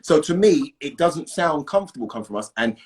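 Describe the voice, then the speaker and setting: A man's voice: on the high side, brisk. A man, a guest in a casual conversation, talking emphatically and checking in with "right?". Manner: animated, emphatic, asks "right?" often.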